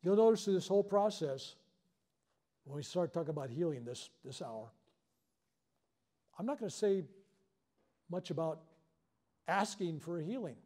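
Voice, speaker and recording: An older reverend speaks to a workshop crowd in a lively storytelling way, slipping into quoted voices. His voice sits a little high for a man, yet its tone stays mellow and warm. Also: moderate pace, pauses often. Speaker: reverend leading a healing workshop. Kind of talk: storytelling talk to a live audience. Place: workshop hall.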